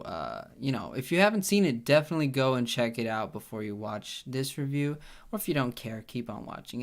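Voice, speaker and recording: Young male reviewer, casual and excitable, clear smooth tone, mid-pitched voice. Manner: enthusiastic, animated, restarts sentences. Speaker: YouTube reviewer.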